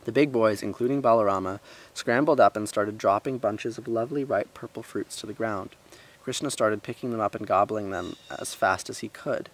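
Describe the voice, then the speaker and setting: A man reading a story aloud in a lively way, giving the characters voices and adding his own remarks. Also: fairly low pitch, moderate pace.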